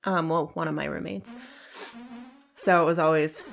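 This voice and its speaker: A woman's voice: low voice, steady tone, moderate pace, vocal fry, faint music behind. A woman co-hosting a video game let's play, chatting casually and laughing often as she tells stories. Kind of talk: casual chat over gameplay.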